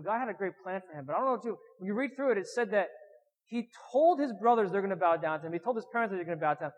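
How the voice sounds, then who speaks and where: A man preaching a sermon, animated, acting out whiny voices with sudden loud and soft turns. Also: high-pitched, long reverb tail, rough recording.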